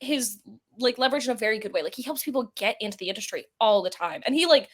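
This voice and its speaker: A woman's voice: on the high side, expressive, fast. A woman guest on a podcast, chatting casually and telling long rambling stories full of fillers. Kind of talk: casual interview chat.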